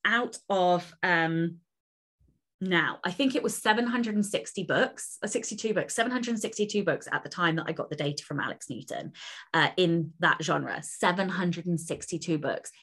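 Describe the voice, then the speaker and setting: A woman's voice: fairly low pitch, normal speed, fairly bright tone. A woman author chatting as an interview guest, enthusiastic and talkative, with plenty of fillers. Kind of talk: casual interview conversation.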